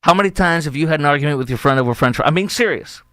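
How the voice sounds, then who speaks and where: Rapid-fire and a little high, this man's clean voice comes through with no echo. He's a middle-aged Chicago-area podcast host giving an opinion monologue, recounting news stories in a chatty, animated fashion and acting out quotations.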